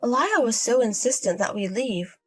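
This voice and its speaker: A woman voicing an unbothered young woman who gambles, speaking in a low-key deadpan way in a storybook. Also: normal speed, slightly rough.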